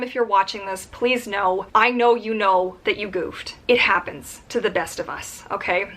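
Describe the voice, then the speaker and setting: A woman vlogs straight to camera about her profession, earnest, emphatic and openly angry, listing points in rapid runs. Her voice sits on the high side and is a bit bright.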